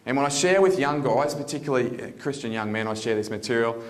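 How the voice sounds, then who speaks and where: A man's voice: mid-range voice, fast. Earnest man giving testimony. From Australia. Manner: earnest, searching, with many restarts. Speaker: seminar speaker. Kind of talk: personal testimony talk. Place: live conference stage.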